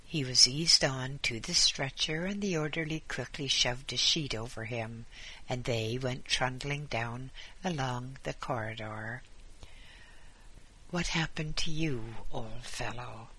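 A man narrating a story in a measured, descriptive way. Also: mid-range voice, sharp tone, husky.

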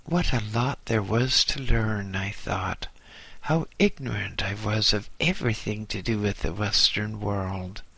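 Measured man narrating a book, low gravelly voice, slow. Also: pushed and bright, dry recording. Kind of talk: audiobook narration.

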